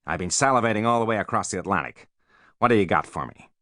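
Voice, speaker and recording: A man's voice: fairly low pitch, expressive, fast, no room sound, clean studio sound, pitched above the performer's own voice. A man voicing a brash, overfamiliar middle-aged American businessman with an American accent. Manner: loud, breezy, overfamiliar.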